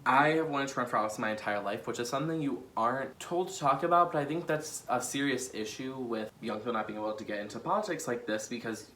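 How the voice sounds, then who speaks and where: A young adult American man, a vlogger and political candidate, talks emotionally in a casual vlog, laughing and fighting back tears with lots of fillers. His medium-pitched voice is a bit bright and moves at a quick pace with few pauses, over a little hiss or hum.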